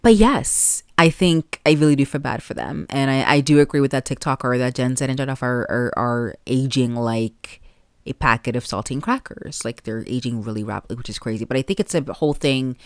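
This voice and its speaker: A woman's voice: a bass voice, a little fast, darkish tone, clean tone, dry recording, studio quality. A young adult woman hosting a solo podcast, rambling casually with lots of fillers. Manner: rambling, chatty, with frequent likes and laughs. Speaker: podcast host. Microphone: plugged-in podcast mic.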